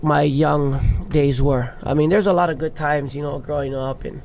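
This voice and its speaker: This podcast guest, a Hawaiian big wave surfer in his thirties, recounts his life candidly and with feeling, swearing casually. His slightly high voice is creaky and darkish, steady in tone at normal speed, with a little hiss or hum.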